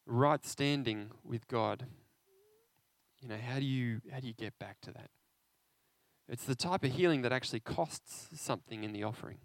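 A man preaching an interactive sermon, animated and conversational, often asking his listeners questions. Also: mid-range voice, moderate pace, no room sound.

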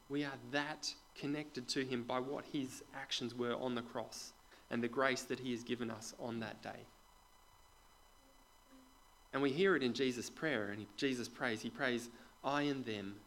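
In a church, a preacher with a middle-pitched voice gives a sermon as if chatting with the congregation, asking them questions directly and often slipping into soft, quiet asides. His tone is steady and his pace a little slow with frequent pauses, on a low-quality recording carrying slight background noise.

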